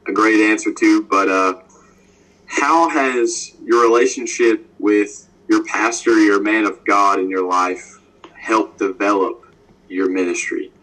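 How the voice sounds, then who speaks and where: A man's voice: lowish voice, steady tone, slow pace, sharp tone, rough recording. A man hosting a podcast interview, asking his question hesitantly with many fillers. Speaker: podcast host.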